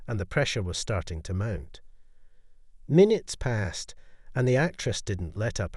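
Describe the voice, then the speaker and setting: A man narrates a scripted story with measured, dramatic pacing. His pitch rises and falls in a lively way. The recording is dry and close to the mic. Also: husky, no room sound.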